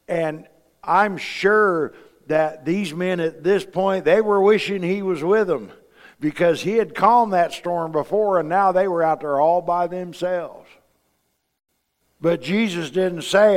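A man's voice: on the high side, measured pace, long reverb tail. A man preaching a sermon in a folksy, storytelling way, asking his congregation rhetorical questions. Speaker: pastor.

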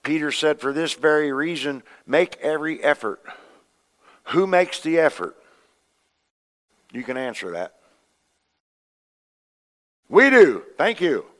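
A middle-aged man, a pastor preaching a sermon, animated, acting out voices in his stories and swinging between loud and soft. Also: on the high side, a little slow, pauses often. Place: church sanctuary. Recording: long reverb of a church hall.

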